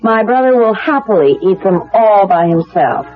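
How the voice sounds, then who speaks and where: A woman's voice: mid-range voice, animated, moderate pace, close to an everyday voice. An actress playing a frank, cheerful young woman on crutches, in a 1970s radio drama. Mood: chatty. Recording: dull, muffled old radio broadcast.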